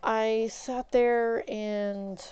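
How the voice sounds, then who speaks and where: Slow-talking woman streamer, dark mellow voice. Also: fairly high pitch, level tone, clean tone, dull audio. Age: adult, has an ex-husband. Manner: rambling, avoids swearing with "flip". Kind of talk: casual storytelling while gaming.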